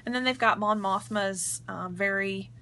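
A woman's voice: medium pitch, measured pace, sharp tone. A young woman chatting casually to camera about a book, enthusiastic and full of fillers like "um" and "like". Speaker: vlogger reviewing a book. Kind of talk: casual book review chat. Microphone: camera mic.

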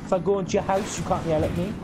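A man's voice: high voice, steady tone, racing. A man joking around while playing a video game, rambling through absurd bits and acting out silly dialogue, swearing freely. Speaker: co-player. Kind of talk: casual gaming banter. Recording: noisy game audio behind voice.

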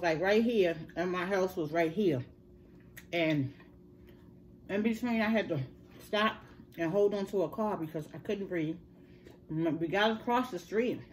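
A woman's voice: lowish voice, slight background noise. Chatty middle-aged woman telling her story. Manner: chatty, earnest storytelling, addresses viewers as y'all. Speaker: mukbang vlogger. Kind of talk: casual chat to viewers.

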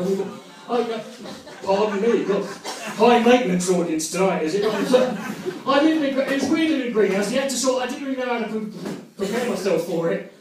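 An English stand-up comedian with a rather high voice, swearing his way through a conversational, self-mocking set. The mic picks him up from a distance in a very echoey room. Faint ambience sits underneath. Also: noisy background. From England. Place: comedy club stage.

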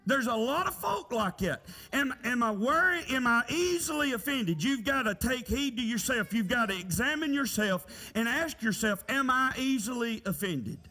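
High, bright-voiced preacher. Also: male voice, lively intonation, moderate pace, few pauses. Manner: folksy, conversational preaching with rhetorical questions. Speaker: pastor. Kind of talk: sermon. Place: church sanctuary. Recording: church hall reverb.

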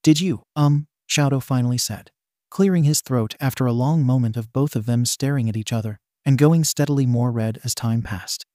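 Male narrator for read-aloud fan fiction, steady delivery, mid-range voice. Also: mid-range voice, fairly quick, no room sound, clean studio sound.

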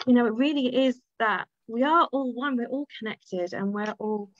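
A woman's voice: fairly high pitch, normal speed, dry recording. An Irish woman hosting her own book launch on a video call, speaking in a gushing, grateful way and laughing often. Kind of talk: emotional casual talk on a video call. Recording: dull lo-fi video call audio.

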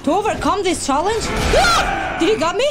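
A woman streaming a game playthrough, yelling and squealing in excited reactions as she plays. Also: very high voice, slow. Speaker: gameplay streamer. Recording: loud game music behind.

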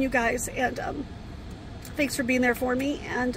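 A grieving woman vlogging from inside her RV, speaking haltingly with many pauses and fillers. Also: sits high, level tone, background noise. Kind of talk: casual talk to camera.

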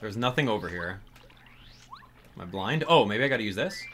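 A man giving casual, excitable gameplay commentary, thinking aloud as he plays. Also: on the low side, brisk, a little hiss or hum.

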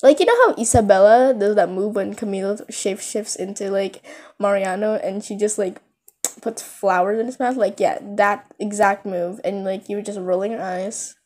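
A woman's voice: medium pitch, normal speed, a little mellow. A woman casually narrating a homemade fan story aimed at the listener, chatty and full of fillers. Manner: chatty, filler-heavy, giggly.

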